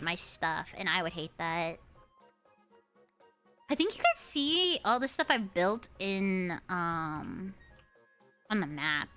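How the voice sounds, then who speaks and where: A woman in her early twenties with a high, cute, anime-girl-like voice, chatting and ranting with lots of swearing while streaming a game. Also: smooth. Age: early 20s. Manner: animated ranting with frequent swearing. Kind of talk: casual gaming stream chatter.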